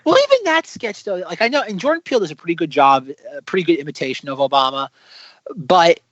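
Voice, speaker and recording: A man's voice: on the high side, lively intonation, fast talker, a bit bright, dry recording, highs cut off. A man co-hosting a film podcast in casual chat, sarcastic and acting out quotes. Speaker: podcast co-host.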